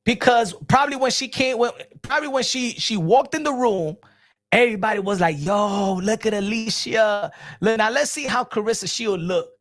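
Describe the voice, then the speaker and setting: A man hosting casual boxing reaction commentary, animated and repetitive, slangy, often laughing and calling his viewers folks. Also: extremely high pitch, a little fast.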